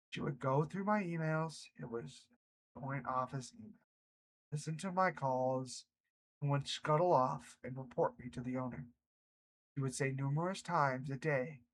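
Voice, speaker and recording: Male story reader, slightly higher voice, chatty commentary between reads. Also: slight background noise, low-quality recording. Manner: chatty, breaks off to react and laugh. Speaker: reddit story narrator. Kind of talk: reading stories aloud with casual commentary.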